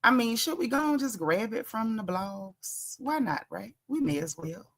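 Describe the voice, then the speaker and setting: A woman's voice: on the high side, expressive, normal speed. A woman hosting a casual gossip commentary show, chatty and sassy, laughing and reading blog posts aloud with her own asides. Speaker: host.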